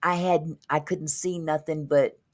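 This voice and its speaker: A woman with a low voice tells a story in relaxed conversation. She is animated and laughs as she goes. Her delivery is loose and conversational. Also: measured pace. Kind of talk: casual chat.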